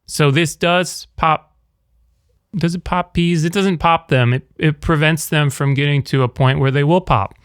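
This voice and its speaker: This man's voice is a little high, steady, unhurried, clear, and resonant as he does a casual gear demonstration of an on-camera shotgun mic. He rambles, corrects himself, and speaks from up close and from further away in a quiet room to show the difference.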